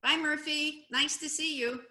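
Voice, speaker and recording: Woman guest on a video call, a touch high-pitched, bright tone, expressive storyteller, roomy echoey sound. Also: measured pace. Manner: expressive, warm storytelling with animated emphasis. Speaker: guest, anti-bullying advocate. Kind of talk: casual conversational interview.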